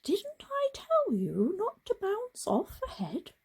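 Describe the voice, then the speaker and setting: A woman voicing a kindly, gently firm female owl schoolteacher who speaks softly. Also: very high-pitched, huge pitch swings, takes it slowly, pitched above the performer's own voice, exaggerated voice. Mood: gently scolding.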